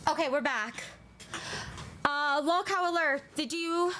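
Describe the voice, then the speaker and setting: A woman's voice: high-pitched, slow, pushed and bright, slight background noise. A woman hosting a casual home livestream, chatting with viewers and her cats, sometimes out of breath. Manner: chatty, reads donations aloud, talks to her cats. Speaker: livestream host.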